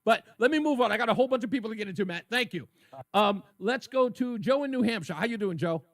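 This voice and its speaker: A man hosts a call-in radio show with a high, bright voice. He talks in an animated, joking way and laughs at his own puns. The studio sound is dry and close. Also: quick pace, dry recording. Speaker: radio talk show host. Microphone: studio microphone.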